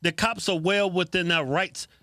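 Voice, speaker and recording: A man's voice: sits high, steady tone, moderate pace, bright, forceful tone, no room sound. A man co-hosting a casual political chat show, blunt and argumentative, pushing back on his partner. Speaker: co-host.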